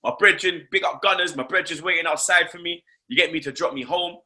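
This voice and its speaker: A young London man tells a story in casual chat, his voice very bright and cutting. He is full of slang and swearing, and he keeps tagging his lines with fillers as he goes. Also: on the high side, a little fast, slight background noise. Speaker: host.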